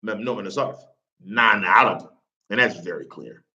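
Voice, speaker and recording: A man's voice: on the low side, normal speed, sharp tone. A male Arabic teacher leading a classroom grammar lesson, drilling students with call-and-response and tossing in jokes. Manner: joking asides. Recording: lo-fi classroom recording.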